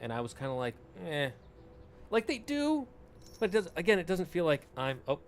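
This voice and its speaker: A man's voice: sits high, huge pitch swings, brisk, a little hiss or hum. A young man streaming, chatting casually and rambling, often correcting himself and breaking off into asides to chat.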